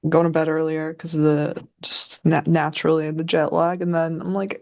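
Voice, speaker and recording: A woman's voice: low voice, little pitch movement, moderate pace, a little mellow. Laid back lady trader chatting on a live show, laughs a lot. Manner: easygoing, laughs often. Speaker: co-host. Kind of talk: casual trading chat.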